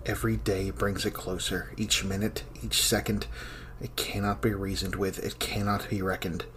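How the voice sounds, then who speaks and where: A lonely, snarky archive scholar, with a very deep voice and a dry, irritable bite. He sounds worn down by long hours alone. Faint ambient noise sits under the voice. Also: level tone, moderate pace, fairly bright tone. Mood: brooding. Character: weary male archive scholar, sarcastic and lonely. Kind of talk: audio drama acting.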